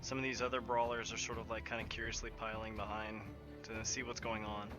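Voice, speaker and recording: A man's voice: on the low side, level tone, a little fast, music in the background. A man narrating as game master in a loose, descriptive way, with frequent fillers.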